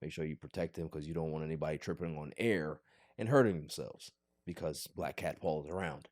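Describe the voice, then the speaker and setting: A man hosting a casual sports podcast, joking and theatrically pleading in an animated way. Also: very deep voice, a little fast, no echo, clean studio sound. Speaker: podcast host.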